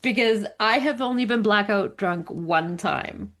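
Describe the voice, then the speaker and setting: A woman's voice: medium pitch, unhurried. A woman co-hosting a podcast, telling stories in casual chat and laughing often, with a light English accent. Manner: laughs often, animated storytelling. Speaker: podcast co-host.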